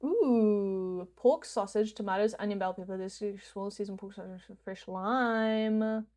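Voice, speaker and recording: A woman's voice: mid-range voice, measured pace, dark tone. A young woman with a New Zealand accent, streaming a guessing game in casual commentary, jokey, swearing freely and slipping into mock rants.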